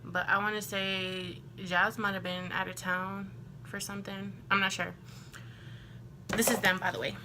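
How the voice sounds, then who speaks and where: A young woman from Texas telling a storytime to her camera in a chatty, animated way, full of "like" and acted-out quotes. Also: medium pitch, unhurried, a little hiss or hum. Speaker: vlogger. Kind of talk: casual storytime.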